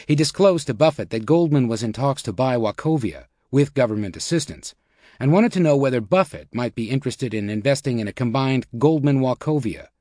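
A man reading nonfiction narration as an audiobook narrator, in a measured, even way. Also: mid-range voice, dry recording, studio quality.

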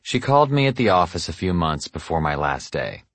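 Deep-voiced man narrating a memoir. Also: big pitch swings, a little fast, fairly bright tone, dry recording. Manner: earnest, self-deprecating storytelling.

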